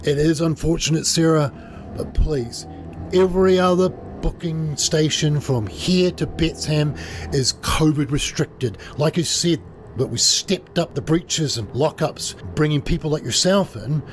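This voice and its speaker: A man voicing a calm, apologetic male police officer who turns quietly menacing. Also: on the high side, measured pace, slight background noise, close to an everyday voice.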